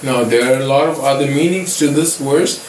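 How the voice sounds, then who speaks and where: A man's voice: mid-range voice, normal speed, a little mellow, slight background noise. A man, the pastor, teaching a Bible study and often checking that his listeners understand. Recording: echoey room from far off.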